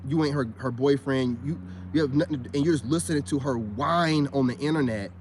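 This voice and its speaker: A man's voice: mid-range voice, fairly quick, darkish tone, a little hiss or hum. A middle-aged man ranting in a profane, boastful monologue full of street slang. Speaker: online commentator.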